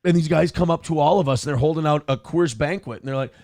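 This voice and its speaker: Man hosting a morning show. Fairly high voice, dry studio sound, profane animated storyteller. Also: quick pace, dry recording. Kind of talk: casual chat. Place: home studio.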